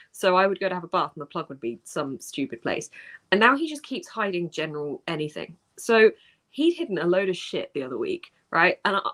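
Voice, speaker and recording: A woman co-hosting a livestream, telling a funny story in casual chat and laughing often. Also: fairly low pitch. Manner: lively anecdotes broken by frequent laughter. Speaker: livestream co-host.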